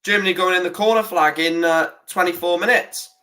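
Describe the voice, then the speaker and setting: A young man hosts a live football watch-along, talking casually and swearing freely. His voice sits a little high and comes out bright and forceful as he rants about the referee. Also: steady tone, fairly quick.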